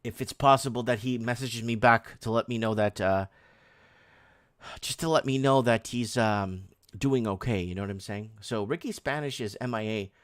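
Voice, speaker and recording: A man's voice: mid-range voice, normal speed, no room sound, studio quality. A man hosting a casual live stream, rambling and sarcastic, reading headlines and chat messages aloud with many restarts.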